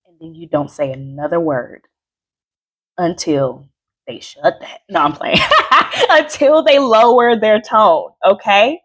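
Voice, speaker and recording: A woman coach teaching a live workshop on handling anger, chatty and animated, with asides and quick laughs. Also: lowish voice, husky.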